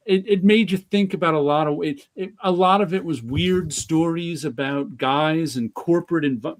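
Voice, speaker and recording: A man with a New York accent chatting casually on a podcast, rambling with many restarts. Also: fairly high pitch. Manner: rambling, with restarts and light laughs. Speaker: podcast co-host. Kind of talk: casual chat.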